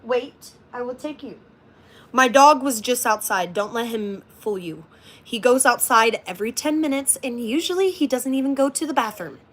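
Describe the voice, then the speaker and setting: A woman's voice: fairly high pitch, animated, moderate pace, fairly bright tone. A young woman chatting casually on a livestream from a hotel room, thanking viewers and scolding her puppy.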